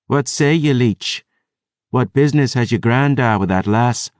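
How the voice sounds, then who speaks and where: A man's voice: on the low side, normal speed, a little mellow, dry recording, clean studio sound, pitched above the performer's own voice, natural voice. A man reading an audiobook voices a fierce, blunt young woman fighter with a coarse, brash way of talking. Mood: challenging.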